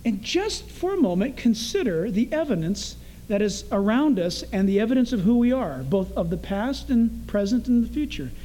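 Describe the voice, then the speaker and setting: Man, pastor, sermon, high voice, swooping pitch, emphatic, sarcastic asides, rhetorical questions. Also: sing-song, moderate pace, mellow.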